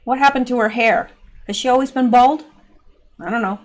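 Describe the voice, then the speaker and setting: Sarcastic woman with a higher voice. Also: normal speed. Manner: sarcastic, mocking, exasperated. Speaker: political commentary channel host. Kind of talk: opinionated political commentary.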